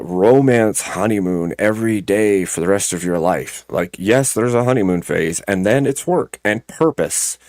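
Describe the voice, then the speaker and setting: A man's voice: fairly low pitch, a little mellow, no room sound, clean studio sound. A middle-aged man hosting a live stream, giving his frank, blunt opinions in casual chat. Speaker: stream host.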